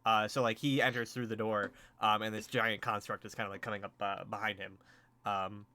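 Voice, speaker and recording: A man's voice: on the low side, level tone, a little fast, sharp tone. A man narrating as game master of a tabletop game, loose and filler-heavy.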